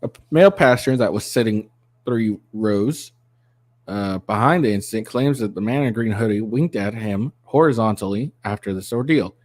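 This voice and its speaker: A man riffs on a viral clip in a crude, mocking ramble. He keeps breaking into giggles and lets his pitch bounce around a lot. He sounds close and dry, with no room sound. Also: a little mellow, no echo. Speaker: commentary channel host. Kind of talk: casual reaction commentary.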